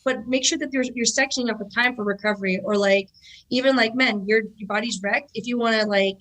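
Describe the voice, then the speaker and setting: A woman in her thirties, a jiu-jitsu instructor, telling stories in an animated way and filling her speech with "like.". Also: fairly high pitch, fast talker. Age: 30s. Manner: animated storyteller, many fillers like "like". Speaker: guest, jiu-jitsu black belt and instructor. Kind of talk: casual podcast conversation.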